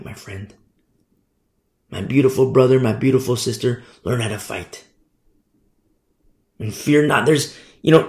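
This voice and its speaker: A man preaching a sermon with fervent emphasis, swinging between loud declarations and hushed asides. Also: fairly high pitch. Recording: echoey room.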